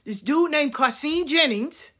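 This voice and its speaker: A woman's voice: sits high, animated, a little slow, bright, forceful tone. A woman in her fifties telling an impassioned personal story, blunt, profane and fiery.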